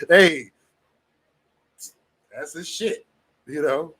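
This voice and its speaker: Dude running a late night stream, cussing, laughing, chill mid voice. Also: male voice, medium pitch, animated, normal speed, fairly bright tone. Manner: loose, profane, laughing often, mimics others in raised voice. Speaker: livestream host. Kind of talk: casual livestream chat.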